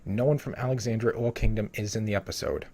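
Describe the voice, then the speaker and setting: A man with a somewhat low voice talks through an upcoming episode in a loose, unscripted way. He reads lines from a summary and then wanders off on tangents. He fills every gap with "you know" and "um". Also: expressive, quick pace, dark tone, husky. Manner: rambling, heavy with "you know" fillers. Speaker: TV episode spoiler commentator. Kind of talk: casual spoiler rundown reading from a summary.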